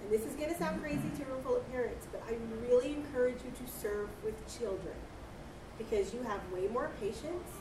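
A woman's voice: a little high, background noise. A woman in a room full of parents, candidly sharing her own experience with the class. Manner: candid, earnest, quick. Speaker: class participant. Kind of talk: sharing from the audience. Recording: roomy, from far off mic, crowd around.

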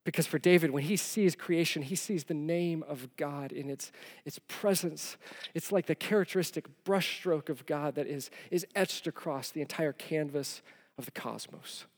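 A man preaching a sermon as pastor, a father of four who tells stories animatedly, dropping to a hush and rising to loud. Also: a little high, normal speed, breathy edge. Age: young adult to middle-aged, father of four. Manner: animated storytelling, swinging from loud to hushed. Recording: long reverb of a large hall.

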